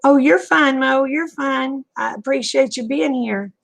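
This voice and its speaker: A middle-aged Southern woman chatting easily with her viewers in a homey, folksy drawl. Her voice sits a touch high and carries a gravelly fry. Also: a little slow, a bit bright. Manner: folksy, chatty, reading and answering viewer comments. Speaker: livestream host. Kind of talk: casual chat with viewers.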